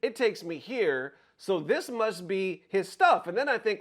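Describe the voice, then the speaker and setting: Male vlogger, lively pitch and a slightly high voice, casual and profane, animated storytelling. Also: a little slow. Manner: animated, swears freely, acts out quotes. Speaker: content creator. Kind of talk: casual commentary vlog.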